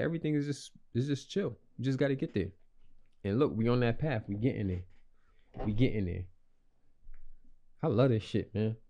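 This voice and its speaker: A man's voice: medium pitch, dark tone. A young man hosting a casual motivational podcast, rambling and repeating himself in slangy, earnest talk. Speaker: podcast host.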